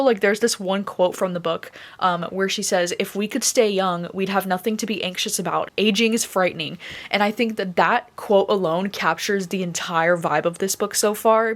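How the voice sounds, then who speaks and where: A young woman in her twenties talking casually to camera in a reading vlog, rambling with lots of "like" and "you know". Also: lowish voice. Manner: emotional and teary in late-night clips. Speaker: book vlogger.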